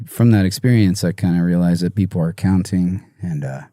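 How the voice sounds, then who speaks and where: Musician guest, man, low and very dark voice, halting and choked up, dry close sound. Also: dry recording. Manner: halting, soft-spoken, many fillers and restarts. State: emotional, choked up. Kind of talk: podcast interview.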